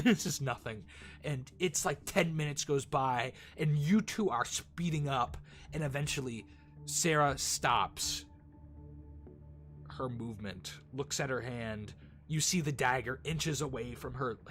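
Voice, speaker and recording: A man's voice: mid-range voice, measured pace, soft background music. A man narrating as dungeon master, casual and laughing, with frequent fillers. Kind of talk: narrating a tabletop game.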